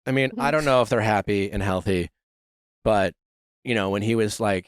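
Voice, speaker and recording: A man's voice: fairly low pitch, steady tone, fairly quick, clean tone, no echo, studio quality. A man hosting a podcast, chatting casually and rambling with lots of fillers and restarts. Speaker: podcast host. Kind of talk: casual chat.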